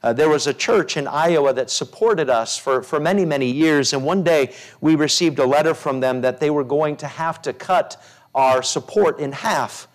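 A middle-aged man, a pastor, preaching a sermon, building repeated phrases up and dropping softly into stories. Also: a little high, moderate pace. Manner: preaching with rising repeated phrases and soft storytelling drops.

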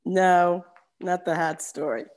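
A woman's voice: fairly low pitch, steady tone, takes it slowly, darkish tone. A woman chatting casually as a guest, rambling through stories and laughing easily. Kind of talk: casual chat and joke telling.

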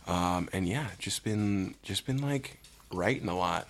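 A man's voice: sits low, animated, measured pace. A man guesting on a podcast, chatting casually and hesitantly with many fillers. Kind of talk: casual chat.

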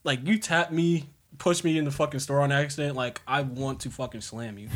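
A young man co-hosting a podcast, talking in animated, profane casual chat and quick to laugh. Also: mid-range voice. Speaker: podcast co-host.

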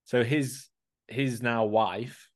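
A man's voice: medium pitch, steady tone, drawn-out words. A young man telling stories in a casual chat. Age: young adult. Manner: chatty, storytelling with swearing and laughs.

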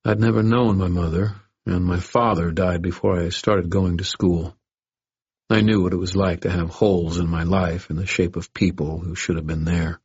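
A man with a very low, deeply husky voice narrates a first-person story. His delivery is measured and gently wry, and the recording sounds dull and lo-fi. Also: steady tone, no room sound. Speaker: audiobook narrator.

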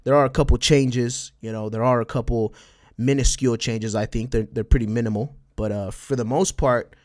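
A man from El Paso with a Texas border accent and a slight Spanish twang, talking casually on a solo podcast and rambling through fillers and restarts. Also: mid-range voice. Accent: West Texas border, Spanish-tinged. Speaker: podcast host.

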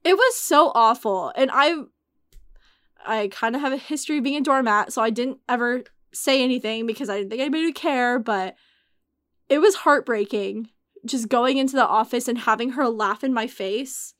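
A woman's voice: on the high side, moderate pace, fairly bright tone, dry recording. A young woman in her twenties chatting casually as a guest, using many fillers and close to tears as she talks. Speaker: guest telling her story. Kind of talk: casual podcast chat.

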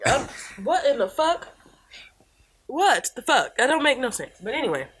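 Woman podcast host, casual and profane, with a lively, swinging pitch; acts out quotes in the story. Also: moderate pace, slightly rough. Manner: animated, profane storytelling with mimicked voices. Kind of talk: casual chat.

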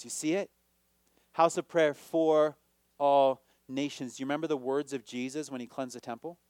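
A man preaching a sermon, asking his listeners questions and rising to near shouts on key points. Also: fairly high pitch, no echo, studio quality. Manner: asks the audience questions.

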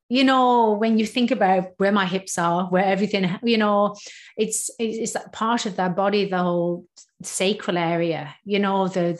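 A woman speaking as a podcast guest tells a personal story openly and in a casual way. Her voice sits at a middle pitch, and she often restarts her sentences as she goes. She gets animated at the vivid parts.

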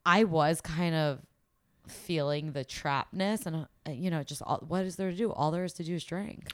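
A young woman co-hosting a casual podcast chat, animated and acting out what people said. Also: low voice, moderate pace, no echo, studio quality. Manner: animated, acts out quotes, frequent laughs. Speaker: podcast co-host. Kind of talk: casual chat about a reality show.

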